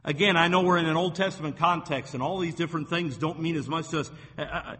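A man's voice: a little high, brisk, few pauses, fairly bright tone. Male pastor, sermon delivery, emphatic, ringing church reverb. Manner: emphatic preaching, reading scripture aloud with rising force. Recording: long reverb of a church hall.

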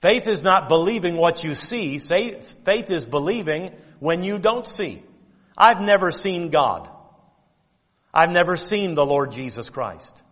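Pastor guy preaching hard, slightly high voice, leans on key words, long church hall echo. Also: lively intonation, a bit bright. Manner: emphatic preaching, quoting King James scripture; drawn-out stress on key words. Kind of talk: sermon.

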